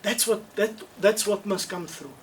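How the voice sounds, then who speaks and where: Higher-voiced man, distant mic. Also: a little hiss or hum. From South Africa. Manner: measured, thoughtful, with frequent restarts and emphatic repetition. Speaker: webinar speaker answering questions. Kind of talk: Q&A answers in an online webinar. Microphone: video call.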